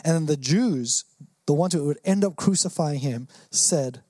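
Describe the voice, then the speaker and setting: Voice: mid-range voice, unhurried, dark tone, no echo. Emphatic preacher, dry close sound. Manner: earnest, emphatic, acts out quotes in voices. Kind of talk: sermon.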